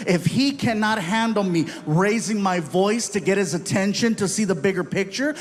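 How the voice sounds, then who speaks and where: A middle-aged man doing stand-up, telling a family story in a punchy, animated way and shouting his punchlines. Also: sits high. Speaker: stand-up comedian.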